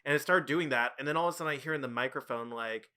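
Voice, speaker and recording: A man hosting a podcast in casual chat, telling animated stories and swearing freely. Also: mid-range voice, very fast, smooth. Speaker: podcast host.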